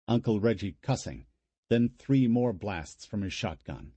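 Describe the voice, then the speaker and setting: A man narrating an audiobook in an expressive, dramatic reading style. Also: lowish voice, unhurried, slightly rough, no room sound.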